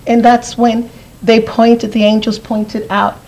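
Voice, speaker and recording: A woman's voice: a little high, flat delivery, slow, a little mellow, low-quality recording. A woman giving a personal testimony as an interview guest, earnest, often repeating phrases for emphasis.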